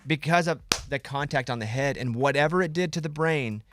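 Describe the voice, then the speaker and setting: A man's voice: fairly high pitch, a little fast, fairly bright tone, dry recording. A man hosting a radio morning show, leading casual studio banter and arguing his point. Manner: argumentative, leads the discussion.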